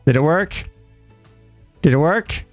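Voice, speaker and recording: A man's voice: fairly high pitch, animated, takes it slowly, dry recording, faint music behind. A young man streaming a game live, chatting casually with his viewers in a rambling, joking, self-mocking way. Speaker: livestreamer. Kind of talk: casual live gameplay chat.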